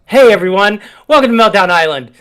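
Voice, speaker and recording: A man's voice: sits high, expressive, fairly quick, fairly bright tone, smooth. A man hosting a casual livestream show, rambling and riffing in a playful, self-mocking way. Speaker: host.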